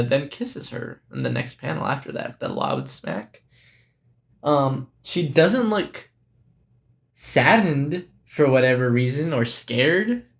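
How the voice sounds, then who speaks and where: A man's voice: on the high side, fairly bright tone. Rambling male podcast co-host. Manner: rambling, hesitant, many fillers and restarts. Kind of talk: casual chat.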